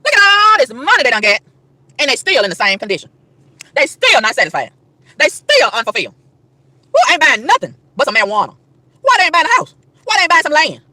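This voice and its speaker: Woman vlogger, outdoor park rant; high, bright, rapid-fire, emphatic and repetitive preaching delivery. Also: huge pitch swings, no echo. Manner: emphatic, repeats and stammers over words, rhetorical questions. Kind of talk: preachy street rant to camera.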